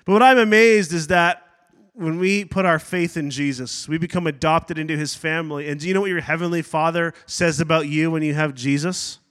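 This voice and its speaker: A man's voice: on the high side, fairly even intonation, a little fast, fairly bright tone. A man pastor giving a sermon, preaching with energy, adding asides and acting out quotes. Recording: long hall reverb.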